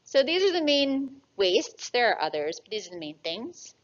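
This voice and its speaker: A woman with a fairly high voice teaches an anatomy class at a moderate pace, and the audio sounds dull. She's lively, putting questions to her students, answering them herself, and ending her points with "right?"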